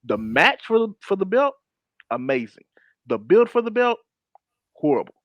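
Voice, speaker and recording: A man's voice: high voice, big pitch swings, moderate pace, no room sound, muffled recording. A man on a casual podcast giving blunt, opinionated takes. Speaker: podcast co-host. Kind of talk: casual chat.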